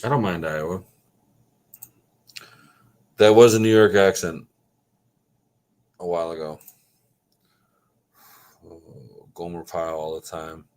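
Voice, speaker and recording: A man's voice: low voice, steady tone, slow, pauses often, a little mellow. A man hosting a casual livestream, reading viewer comments aloud, joking and swearing casually as he reminisces. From Wisconsin. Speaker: livestream host reading chat. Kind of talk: casual live chat.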